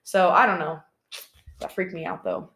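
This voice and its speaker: A woman's voice: lowish voice, steady tone, moderate pace, vocal fry, a bit bright, a little hiss or hum. A young woman co-hosting a podcast, chatting casually and telling scary stories, with lots of fillers. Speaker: podcast co-host.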